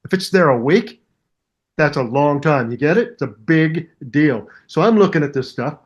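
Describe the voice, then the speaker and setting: An older man chats as an interview guest with a fairly high voice. He tells his stories with a lot of energy, acting out other people's voices and sounds as he goes. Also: normal speed, lo-fi sound. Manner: animated storyteller, mimics voices and sounds. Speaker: guest musician. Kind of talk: casual interview chat.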